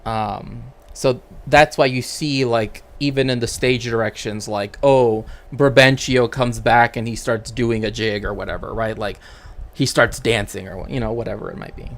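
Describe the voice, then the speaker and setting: Speaking at a moderate pace in a steady, mid-range voice, a man streams as a cultural historian. His casual livestream chat rambles, and he checks in with tag questions.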